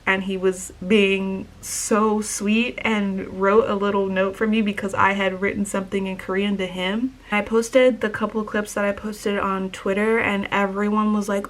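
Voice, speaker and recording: A young woman vlogger telling a story in an excited, gushing way, full of "like" fillers. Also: medium pitch, moderate pace, few pauses. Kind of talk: casual vlog storytelling.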